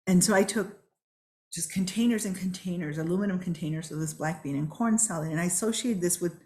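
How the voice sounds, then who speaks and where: A woman with a somewhat low voice gives a webinar talk. She tells her stories in an earnest, reflective way. She speaks over a video call. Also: a little fast, darkish tone. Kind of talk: storytelling talk.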